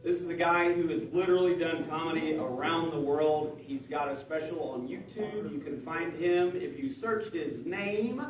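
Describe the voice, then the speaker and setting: A man's voice: fairly high pitch, moderate pace, few pauses. A man hosting a comedy show, upbeat and hyping up the crowd as he introduces the acts. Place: comedy club room. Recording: roomy club sound from far off, noisy.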